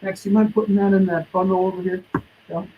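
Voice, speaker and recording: This man's voice sits high, and his delivery is flat and quick as he hosts a live stream comic sale, hustling through titles and prices. Background noise comes through, and the stream audio is distant, dull and lo-fi.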